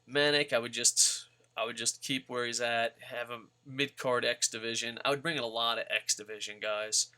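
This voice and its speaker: A man's voice: medium pitch, fairly even intonation, moderate pace, hardly any pauses, bright, forceful tone. A man ranting bluntly and profanely about wrestlers in a rambling vlog. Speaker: wrestling vlogger. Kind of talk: casual profane rant.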